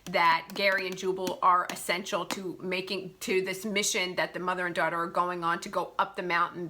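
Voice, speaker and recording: A young adult woman giving a chatty, animated book review, with frequent fillers and self-corrections. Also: lowish voice.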